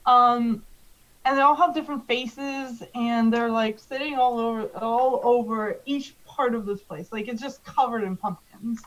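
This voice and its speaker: A woman's voice: high voice, highs cut off. A woman narrating as game master of a tabletop game, hesitant with many ums and likes.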